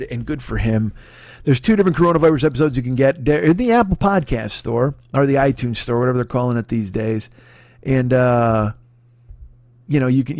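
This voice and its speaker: A man's voice: medium pitch, a little mellow, no room sound. A man in his forties hosting a comedy podcast, ranting in a sweary, exasperated, rambling way. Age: 40s. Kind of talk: profane comedic rant.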